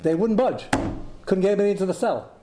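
Man, fairly high voice, animated Torah class teacher telling stories, Hebrew terms, quick asides.

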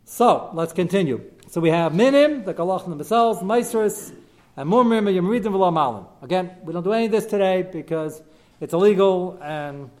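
A man, a rabbi, giving a Torah class, telling cases with animated storytelling and sprinkling in Hebrew and Yiddish terms. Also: sits high, fairly quick. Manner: talks in short bursts with frequent fillers and restarts. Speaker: rabbi answering questions of Jewish law.

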